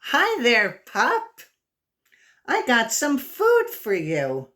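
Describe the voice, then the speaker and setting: A woman's voice: a little high, wildly swooping pitch, very slow, bright, forceful tone, exaggerated voice. A woman voicing a kindly old woman who feeds stray dogs, sweet and coaxing.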